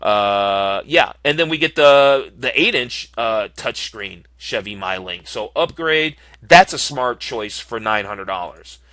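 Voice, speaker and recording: A man with a fairly low, expressive voice speaks slowly and with few pauses, his tone bright and forceful in a dry recording. He's casually commenting on his screen as he builds a car online, thinking aloud with lots of ums and uhs.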